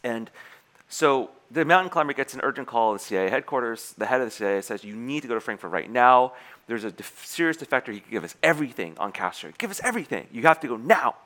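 Speaking quickly in a mid-range voice, a male preacher spins a spy story during his sermon. He performs the characters' dialogue with animation, frequently starting his sentences over.

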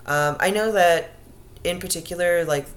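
A woman's voice: fairly low pitch, moderate pace. A woman co-hosting a podcast, talking in an easygoing, thoughtful way with fillers. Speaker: podcast co-host. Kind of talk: casual chat. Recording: roomy echo, faint noise.

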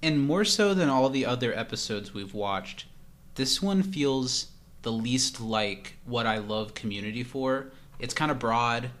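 A male podcast co-host chatting casually with a friend about a TV episode. His voice is bright and forward, set at an ordinary middle pitch, and he laughs easily as he talks. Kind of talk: casual chat.

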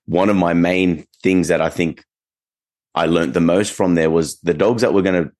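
A man's voice: deep voice, fairly even intonation, moderate pace, darkish tone. A man hosting a podcast, telling stories in a loose, rambling way with plenty of fillers. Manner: rambling storyteller, many fillers. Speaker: podcast host. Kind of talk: casual conversation.

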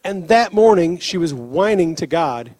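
Male preacher, high-pitched, lively storyteller, dry close sound. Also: unhurried, no room sound. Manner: animated storyteller, laughs often, acts out dialogue. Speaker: preacher on healing ministry. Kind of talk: sermon with storytelling.

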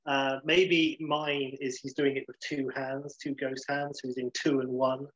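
An eager male host talks at a middle pitch, full of quick asides and casual swearing. The recording sounds a bit dull and lo-fi. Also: level tone, fairly bright tone. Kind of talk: casual chat.

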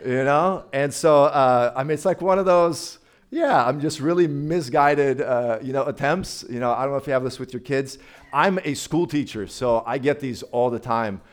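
A man's voice: medium pitch, normal speed. Chatty playful man preaching. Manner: chatty, playful, talks directly to the audience. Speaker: guest preacher. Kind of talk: casual sermon.

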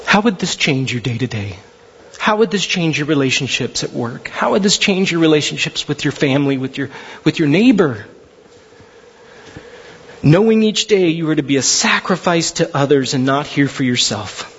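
A male pastor preaching with emphatic, conversational passion. His voice sits high and carries a husky edge. The recording is muffled and lo-fi. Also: lively intonation, moderate pace, fairly bright tone. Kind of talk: sermon.

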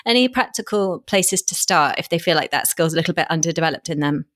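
Female interviewer, conversational, lower-pitched voice, casual phrasing. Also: animated, fast talker, fairly bright tone. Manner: conversational, uses fillers like "like" and "kind of". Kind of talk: interview questions.

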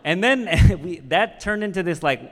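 A man's voice: sits high, animated, moderate pace, big-room sound, a little hiss or hum. A man who is a pastor, preaching a sermon and telling a personal story in an easy, conversational way, with frequent "right?" asides.

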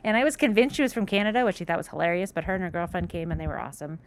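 A young woman co-hosts a podcast in casual chat, her lowish voice animated and very fast. She laughs easily as she talks.

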